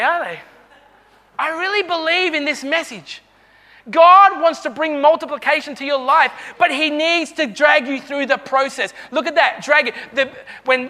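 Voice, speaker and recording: A man preaches with fervour, calling out to his congregation. His voice sits very high and sounds bright and forceful. A long reverb trails his words around the church hall. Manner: fervent, calls out to the congregation. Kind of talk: sermon.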